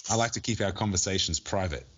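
A man's voice: deep voice, fast talker, fairly bright tone, slightly rough. A man co-hosting a podcast in casual chat, joking and restarting his sentences often. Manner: joking, restarts often, laughs at own jokes. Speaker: podcast co-host.

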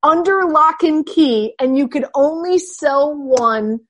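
A woman's voice: sits high, lively intonation, slow pace, a little hiss or hum. A woman hosting a podcast, chatting with a guest in a friendly, affirming way. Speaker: podcast host. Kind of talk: casual interview chat.

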